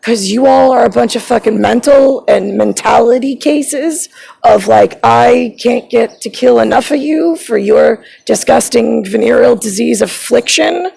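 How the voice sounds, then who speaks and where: Woman vlogger, rough vocal fry, husky tone, agitated rambling rant with lots of swearing. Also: fairly high pitch, unhurried, dark tone, rough recording. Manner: agitated, swearing, drifting between topics.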